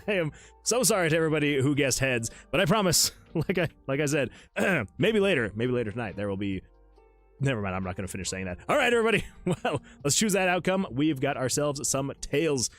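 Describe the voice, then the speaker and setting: A man hosting a casual livestream, chatting excitedly with viewers, laughing often and reading chat messages aloud. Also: on the high side, a little fast, faint music behind. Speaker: livestream host and game developer.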